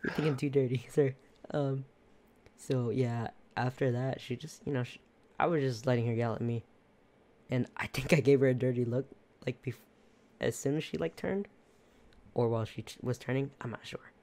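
Casual, rambling storyteller, mellow tone. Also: mid-range voice, moderate pace. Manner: laid-back, rambling, often laughing.

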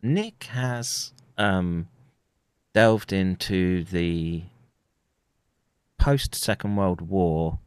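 A man with a very low voice hosts a loose, casual conversation. He rambles and restarts his sentences often. The sound is dry and close. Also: drawn-out words, pauses often, clear, resonant tone, no echo. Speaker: podcast host.

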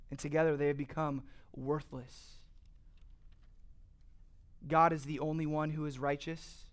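A man preaching a sermon earnestly, asking rhetorical questions and building to emphatic passages. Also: a little high. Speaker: pastor.

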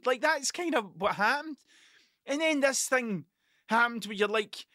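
A man's voice: very high voice, lively intonation, brisk, bright, forceful tone, no echo, studio quality. A Scottish man hosting a podcast, talking in a rambling, heavily profane casual monologue that keeps losing its thread. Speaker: podcast host.

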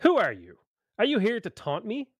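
A man voicing a grown fisherman, fearful and bitter, whose pleading lines rise in pitch, narrated over an online voice call. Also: wildly swooping pitch, normal speed, dry recording, heavily acted. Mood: angry.

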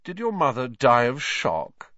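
A man's voice: mid-range voice, huge pitch swings, unhurried, fairly bright tone, dry recording, lo-fi sound, pitched above the performer's own voice. A man voicing a pale, sneering schoolboy bully who talks in a lazy drawl, in an audiobook reading.

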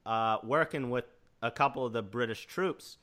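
A young man co-hosts a relaxed interview and asks questions in a loose, rambling way. His voice is bright and forward, and he laughs between his sentences. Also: mid-range voice, moderate pace. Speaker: podcast co-host. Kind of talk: casual interview chat.

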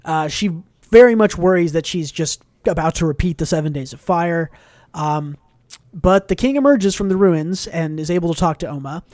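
A man with a fairly high voice chats casually on a podcast, recapping a comic with plenty of fillers and acted-out quotes. The recording is close and dry, with no room sound. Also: lively intonation, moderate pace, a little mellow, dry recording. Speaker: podcast co-host. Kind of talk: casual book club discussion.

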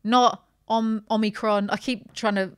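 A woman's voice: medium pitch, steady tone, a little slow, smooth, no room sound, studio quality. A woman hosting a podcast, reading headlines aloud and mocking them with sarcastic, swearing asides. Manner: sarcastic, swears, laughs often. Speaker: podcast host.

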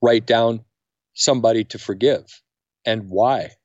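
A middle-aged man speaking as a podcast guest, energetic and acting out quotes with big jumps in pitch. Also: a little slow, no echo. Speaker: podcast guest, camp founder. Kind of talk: animated interview talk. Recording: dry, slightly dull sound.

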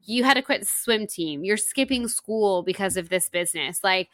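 A woman co-hosting a casual book-club podcast, chatty and animated with quick asides. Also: mid-range voice, no room sound, studio quality. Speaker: podcast co-host.

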